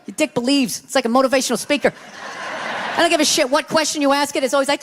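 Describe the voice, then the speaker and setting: A man doing a loud, profane stand-up routine on a comedy stage. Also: very high-pitched, fast, in a large hall, noisy background. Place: comedy stage with a live audience.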